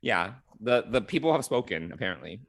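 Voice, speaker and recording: A man's voice: fairly low pitch, very animated, brisk, gravelly, a bit bright. Wry, blunt man co-hosting a podcast. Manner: blunt, wry, laughs mid-sentence. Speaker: podcast co-host. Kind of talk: casual chat.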